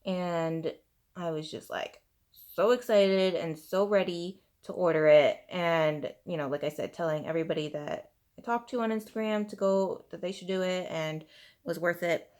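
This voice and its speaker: A woman's voice: fairly low pitch, moderate pace. Beauty vlogger, woman, 30s, chatty and fed-up, fillers everywhere while she does her makeup. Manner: animated venting, heavy use of fillers like "you know" and "like"; talks while applying makeup. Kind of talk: casual ranting get-ready-with-me chat.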